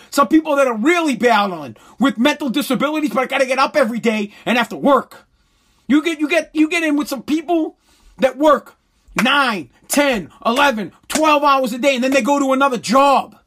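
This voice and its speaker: A man's voice: extremely high pitch, fairly bright tone. A man delivering a blunt, heated, sarcastic opinion rant full of crude swearing.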